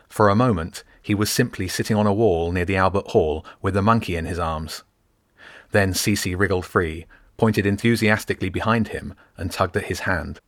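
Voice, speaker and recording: A man narrating his own children's novel as an audiobook, in a measured, gentle storytelling manner. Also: sits low, no room sound, studio quality. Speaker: author and narrator.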